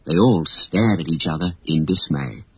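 A storyteller reading a children's story in an expressive, animated way. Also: low-pitched, moderate pace, breathy edge, dry recording, low-quality recording.

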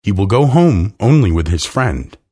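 A man's voice: lowish voice, very animated, normal speed, warm tone, breathy edge. A man voicing a prim, aloof nanny who answers curtly. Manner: curt, haughty.

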